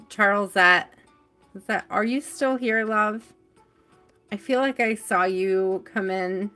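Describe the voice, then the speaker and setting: A woman's voice: mid-range voice, slow, sharp tone, faint music behind. A woman hosting a tarot live stream from home, chatting casually, greeting viewers by name and laughing often.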